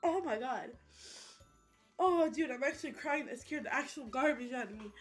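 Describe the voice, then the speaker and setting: A young woman streaming a game, chatting loosely with her chat, swearing and breaking into loud outbursts and chanted sound effects. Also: high-pitched, lively intonation, moderate pace. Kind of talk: casual gameplay commentary to chat. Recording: faint music behind the voice.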